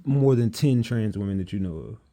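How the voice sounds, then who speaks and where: Blunt man with a dark voice. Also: lowish voice, brisk. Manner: blunt, probing questions. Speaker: interviewer. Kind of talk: casual phone interview.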